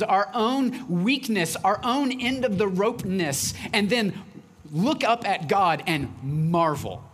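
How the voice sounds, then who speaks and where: A young adult man delivers a sermon as pastor. He talks to the congregation in a relaxed, conversational way. He slips into quoted lines from home as he goes. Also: high voice, slight background noise. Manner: conversational, acts out quotes from his daughter.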